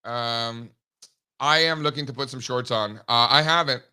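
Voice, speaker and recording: A man hosting a markets show, teasing his co-hosts in quick banter. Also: mid-range voice, bright, forceful tone, clear, resonant tone. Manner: ribbing, quick back-and-forth. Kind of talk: casual chat.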